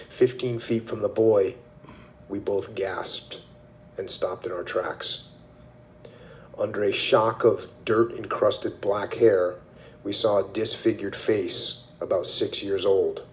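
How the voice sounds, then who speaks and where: Deep, flat-voiced male host. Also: slow, a little hiss or hum. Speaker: podcast host. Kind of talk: reading a book excerpt aloud and discussing it.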